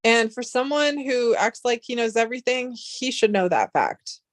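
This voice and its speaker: A young woman chatting casually on a livestream, rambling and excitable, swearing freely. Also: a little high, normal speed, dry recording, studio quality. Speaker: livestream host.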